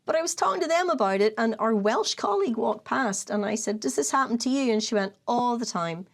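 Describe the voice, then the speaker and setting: Lively Irish woman, higher voice with a wide swing, chatty storyteller who laughs as she talks. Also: fast talker, creaky. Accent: Irish, County Kerry. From Ireland. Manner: animated storyteller, lots of laughing asides. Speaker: co-host. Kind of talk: casual chat.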